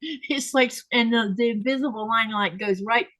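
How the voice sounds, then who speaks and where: A woman's voice: fairly high pitch, normal speed, a bit bright, dry recording, rough recording. A woman hosting a casual chat from her home sewing desk, talking in a rambling way with restarts and laughs. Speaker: host.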